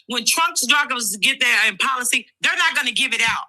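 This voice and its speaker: A woman's voice: fairly high pitch, animated, a little fast, sharp tone, rough recording. A woman co-hosting a casual livestream chat, explaining emphatically and addressing the listeners directly.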